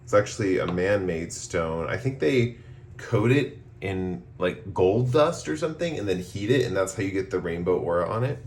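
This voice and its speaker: Man, very low voice, hoarse from a cough, casual tarot reading, faint hiss behind. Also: moderate pace. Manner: relaxed, rambling, many ums. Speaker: tarot reader.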